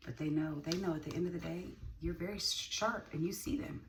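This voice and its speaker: Speaking fairly quickly in a lowish voice, a woman gives an informal tarot reading. She is emphatic, says lines again, and curses freely. The recording comes from a distant mic with ambient noise.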